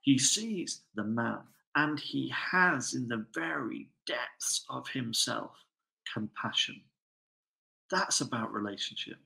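A man's voice: medium pitch, lively intonation, slow pace, vocal fry, bright, forceful tone. A man preaching a sermon, telling a story with rhetorical questions. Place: church. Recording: echoey church hall.

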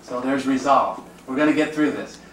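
A man's voice: medium pitch, normal speed. Man, priest teaching, conversational, acts out quotes, distant mic, roomy hall. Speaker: priest leading a class. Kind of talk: informal teaching talk. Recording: echoey room, distant mic, faint noise.

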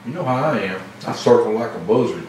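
A man, relaxed and affectionate, giving short replies while he tastes food at home. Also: mid-range voice, fast talker, slight background noise. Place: home kitchen. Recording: echoey kitchen, far from mic.

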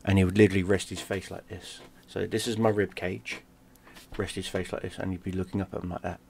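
A man from London, a gaming streamer, telling a personal story in a lively, profane way. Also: low-pitched, quick pace, creaky, breathy edge. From London, England. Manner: animated, profane, acts out shouted quotes.

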